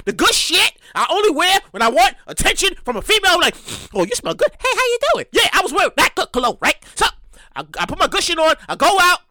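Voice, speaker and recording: A man hosting a solo comedy podcast, telling profane stories with frequent shouted outbursts. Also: very high-pitched, sing-song, quick pace, dry recording, clean studio sound. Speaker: podcast host.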